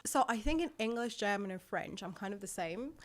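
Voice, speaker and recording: A woman's voice: mid-range voice, expressive, fairly quick. Young woman guest from Georgia, playful and chatty, mid-range voice. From Georgia, raised in Moscow. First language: Georgian and Russian. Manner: laughing, playful, switching languages with many fillers. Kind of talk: casual interview chat.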